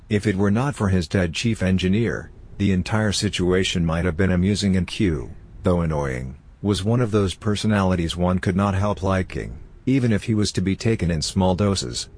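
A man reading a story aloud as narrator in a steady, even manner. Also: deep voice, moderate pace. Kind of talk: fan fiction audiobook reading.

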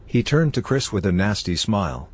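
A man reading a story aloud as narrator in a steady, even manner. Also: lowish voice, normal speed. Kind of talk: fan fiction audiobook reading.

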